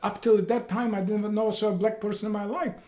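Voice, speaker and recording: An old man recounts his past in a slightly high voice. He stumbles, repeats words and rises to loud excitement at key moments. The room around him adds a noticeable echo. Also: fast. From Poland. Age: 80s. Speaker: interviewee. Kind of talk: personal storytelling. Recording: roomy echo.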